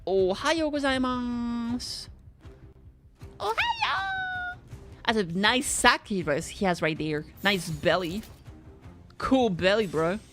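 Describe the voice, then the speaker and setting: A woman streamer chatting playfully over gameplay, making silly noises and swearing in excited bursts. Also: medium pitch, a little slow, over music. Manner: playful, silly mouth noises and sing-song bits; swears freely in excited outbursts. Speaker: streamer playing a game. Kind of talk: casual gameplay commentary.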